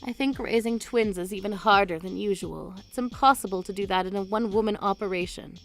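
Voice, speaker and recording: A woman's voice: medium pitch, brisk, creaky, soft background music, natural voice. A woman doing a blunt, scolding mother-in-law. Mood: gentle. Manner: sharp-tongued, scolding. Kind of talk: scripted story narration.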